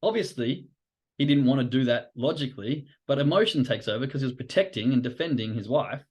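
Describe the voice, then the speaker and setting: A man's voice: medium pitch, lively intonation, fairly quick, darkish tone, slightly rough. A man hosting a live stream on trading psychology. He talks casually and animatedly, swears now and then, and acts out inner voices. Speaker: host.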